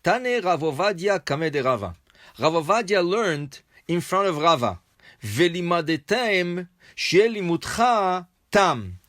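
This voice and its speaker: High-voiced rabbi explaining Talmud step by step. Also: male voice, a bit bright, no echo, clean studio sound. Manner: explains step by step, repeats and restates points. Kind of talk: daily Talmud class.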